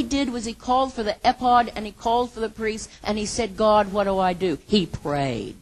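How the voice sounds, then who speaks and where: A woman preaching a sermon with passion, her voice moving between hushed and loud. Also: medium pitch, normal speed, few pauses, rough recording.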